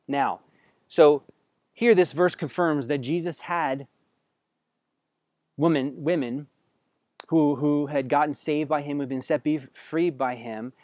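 A man preaching a sermon in a conversational way, asking his listeners direct questions and swinging between hushed passages and loud, emphatic bursts. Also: on the high side, no echo. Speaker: pastor.

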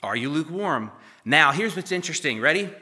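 A middle-aged man preaching a sermon as pastor, conversational and joking, asking the church questions and swinging between loud emphasis and quiet asides. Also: on the high side, lively intonation, a little fast. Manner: conversational, asks the congregation questions.

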